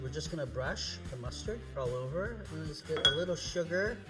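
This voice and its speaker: A man's voice: a little high, expressive, brisk, loud music behind the voice. A male home cook presenting a cooking demonstration in a playful, sing-songy way.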